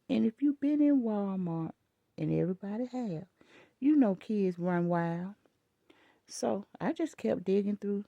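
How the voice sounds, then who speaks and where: Gravelly older woman with a drawl. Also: mid-range voice, warm tone, no echo. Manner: emphatic, scolding, addresses viewers as y'all. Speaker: vlogger. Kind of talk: animated storytelling to viewers.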